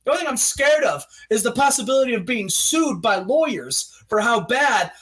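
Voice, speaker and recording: Man putting on a brash wrestler, cocky, taunting, high bright voice. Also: expressive, moderate pace. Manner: boastful, taunting. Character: male wrestler trash-talking a rival.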